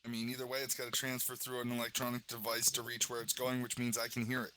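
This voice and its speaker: Insistent, bright-voiced man player. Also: medium pitch, completely flat delivery, fast talker, low-quality recording. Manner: insistent, matter-of-fact.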